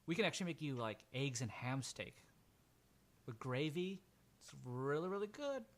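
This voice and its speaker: A man voicing a friendly, hefty innkeeper woman in a tabletop game, lifting his voice into a higher, sing-song tone. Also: very animated, normal speed.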